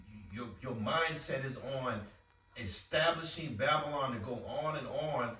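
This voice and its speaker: A man's voice: medium pitch, bright, forceful tone, slight background noise. A man preaching emphatically, stumbling over repeated words. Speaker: street preacher. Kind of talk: preaching warning. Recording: echoey, from far off.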